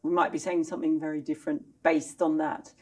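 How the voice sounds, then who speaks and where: A woman's voice: low voice, flat delivery, fast talker. A woman, an overseas cricket correspondent, chatting casually on a podcast with a teasing, facetious manner.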